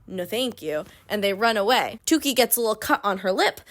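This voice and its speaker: A woman's voice: mid-range voice, quick pace, fairly bright tone. A young woman hosting a book club channel, giving a sarcastic, chatty recap full of "like". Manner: sarcastic, chatty, heavy use of "like". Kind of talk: casual comedic book recap.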